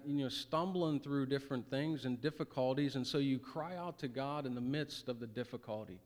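Man preaching in a reverberant sanctuary. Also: medium pitch. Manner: earnest, conversational preaching with folksy asides. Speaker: pastor. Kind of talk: sermon. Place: church sanctuary.

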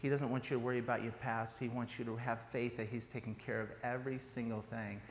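A man's voice: medium pitch, flat delivery, fast. A man preaching an informal sermon in a church, chatty and joking, with fillers and restarts. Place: church sanctuary. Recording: reverberant church hall, faint background noise.

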